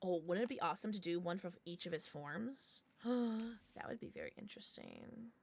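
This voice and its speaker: A woman streamer chatting casually on a livestream, bubbly and excitable, swearing now and then. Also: fairly low pitch, normal speed, vocal fry, a little hiss or hum.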